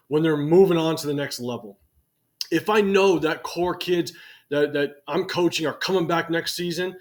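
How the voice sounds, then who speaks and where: A man in his forties giving casual, conversational sports commentary to his channel's viewers, thinking aloud as he goes. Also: a little high. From United States.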